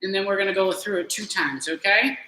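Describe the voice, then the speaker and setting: A woman leading a virtual beginner gymnastics class, encouraging kids through warm-up drills, out of breath as she goes. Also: mid-range voice, fairly quick. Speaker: gymnastics coach. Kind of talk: virtual fitness class instruction. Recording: very echoey room, faint noise.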